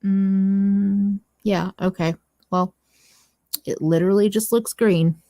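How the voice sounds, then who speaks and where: A woman talks casually about makeup on a livestream, rambling and often correcting herself mid-sentence. Her voice sits at an ordinary middle pitch. The sound is dry and close, with almost no room around it. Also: fairly even intonation, takes it slowly, mellow, no room sound. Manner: chatty, rambling, self-correcting. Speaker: co-host of a beauty livestream.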